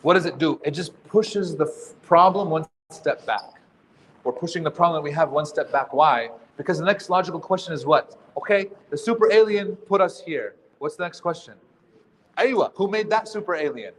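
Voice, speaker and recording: Man teaching a lively interactive workshop. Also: a little high, normal speed, slight background noise. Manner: conversational, quizzes the audience, jokes. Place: workshop room with a live audience.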